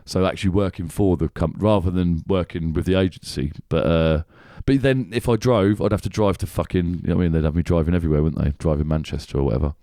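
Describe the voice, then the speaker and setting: A man's voice: deep voice, quick pace, hardly any pauses, mellow, no room sound, clean studio sound. A man hosting a podcast, chatting casually in a rambling way, swearing and laughing often. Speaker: podcast host. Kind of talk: casual comedic chat.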